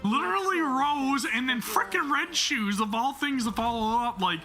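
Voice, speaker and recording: A man hosting a gaming channel, reacting excitedly to a game story, swearing, laughing and stumbling over words, and reading narration aloud in between. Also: very high voice, normal speed, soft background music.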